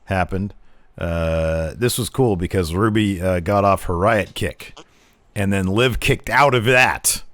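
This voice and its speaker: A man's voice: deep voice, takes it slowly, no room sound. A middle-aged man co-hosting a podcast, chatting casually through a wrestling recap and acting out what the wrestlers said. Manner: animated, acts out wrestlers' lines in put-on voices. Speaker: podcast co-host.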